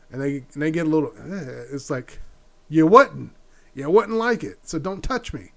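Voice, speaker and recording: A man's voice: medium pitch, a little mellow. A middle-aged man hosting a solo opinion podcast, blunt and exasperated, repeating his points. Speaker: podcast host.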